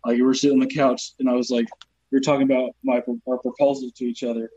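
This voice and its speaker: A man's voice: medium pitch, fast talker, slightly rough, muffled recording. A man with a Southern accent, a comedian guest, telling profane stories in casual podcast chat. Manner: profane, animated storytelling with acted quotes.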